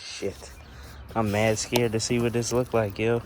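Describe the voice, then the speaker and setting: A man's voice: on the low side, little pitch movement, unhurried, noisy background. A young man giving a casual, slangy, profane unboxing commentary outdoors beside a car, filming on a handheld phone. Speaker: car audio vlogger.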